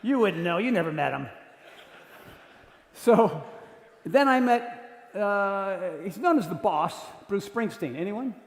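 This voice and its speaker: A man giving a talk to an audience, telling jokey stories in an animated way and acting out voices. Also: sits high, takes it slowly. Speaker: keynote speaker. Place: large conference hall. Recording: echoey hall with long reverb.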